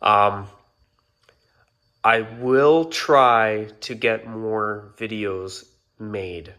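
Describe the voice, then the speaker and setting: A man's voice: on the low side, drawn-out words, bright, forceful tone. A man talking casually to his channel's viewers, ranting in exasperation and apologizing now and then. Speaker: YouTuber. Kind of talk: casual vlog rant.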